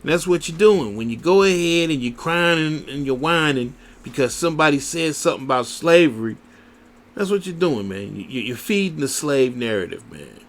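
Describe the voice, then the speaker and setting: Blunt, profane radio host, higher voice. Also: male voice, expressive, normal speed. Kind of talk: profane solo radio rant.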